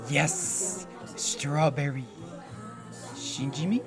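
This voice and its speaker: A woman streamer talks slowly, her pitch leaping high as she coos baby talk at dogs. She keeps a casual reaction-commentary tone, gushing throughout. Music plays clearly behind her. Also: expressive.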